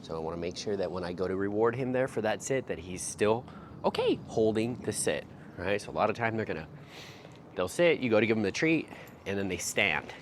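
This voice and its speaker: A man working as a dog trainer, explaining each step aloud outdoors while he drills a puppy, sometimes lifting into high sing-song praise. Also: animated, brisk, a little hiss or hum.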